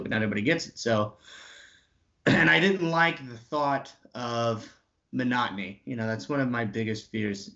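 A man in his twenties tells an animated story, cursing freely and performing the other people's lines himself. His voice is mid-range, and the recording sounds muffled.

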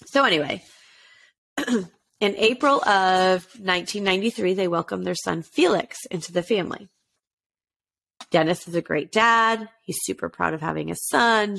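A podcast host tells a true-crime story in a loose, casual chat, her voice gravelly and creaky with a fairly bright tone. Acting out what people said, she jumps up and down in pitch, then settles back into her everyday voice.

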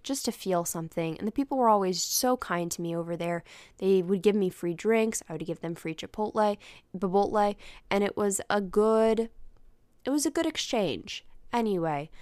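A young woman talks fast and loose through a personal story, swearing casually and slipping into quick impressions of the people she met. Her voice is smooth and clear, recorded close and dry with no room sound. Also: mid-range voice, no room sound. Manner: chatty, rambling, swears casually, acts out voices.

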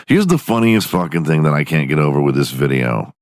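Male podcast host, very low, lively delivery, profane mocking humor, dry close mic. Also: brisk, dry recording. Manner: profane, laughing often, mocking. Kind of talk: crude comedic commentary.

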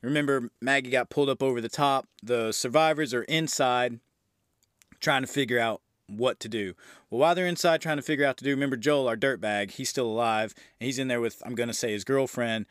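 A man's voice: medium pitch, brisk, a bit bright, dry recording. Dry, chatty man recapping a horror movie. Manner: loose and enthusiastic, with frequent fillers and the odd swear. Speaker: movie review podcast host.

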